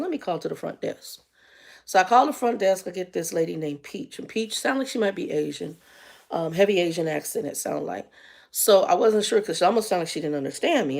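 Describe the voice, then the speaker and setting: A woman in her fifties telling a story in a casual vlog, animated and exasperated, acting out the dialogue. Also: lowish voice, vocal fry. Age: 50s. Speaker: vlogger.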